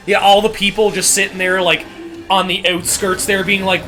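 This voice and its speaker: A man streaming a game with casual, excitable commentary, laughing often and swearing freely. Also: high-pitched, unhurried, pauses often, soft background music.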